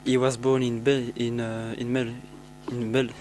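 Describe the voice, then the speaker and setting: Teenage boy, halting speech, plain mid pitch, humming noise in the background. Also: flat delivery, darkish tone, rough recording. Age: teens. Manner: halting, many restarts and fillers. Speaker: student. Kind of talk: self-introduction to pen pals.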